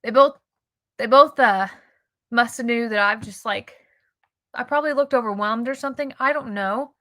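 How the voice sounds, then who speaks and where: A woman's voice: on the high side, normal speed, fairly bright tone, dry recording. A woman telling a personal story in a casual, emotional, chatty vlog style, quoting the people she met. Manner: chatty, emotional, quotes people in her stories. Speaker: YouTuber.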